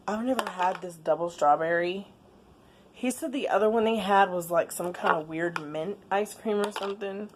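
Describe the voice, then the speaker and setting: A woman, chatting casually in a late-night home vlog, laid-back with quiet asides. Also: mid-range voice, normal speed, a little hiss or hum. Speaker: vlogger. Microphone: camera on a stand.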